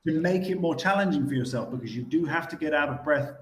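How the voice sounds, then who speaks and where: A man with a somewhat high voice explains fitness training on a radio talk show. He is patient and repeats words as he thinks. His voice rings with a roomy echo. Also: fast, fairly bright tone.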